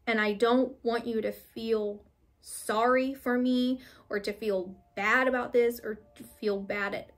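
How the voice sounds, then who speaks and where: A young woman giving a casual spiritual card reading, rambling with many fillers and restarts, gently reassuring. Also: on the high side, fairly even intonation, measured pace. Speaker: tarot reader.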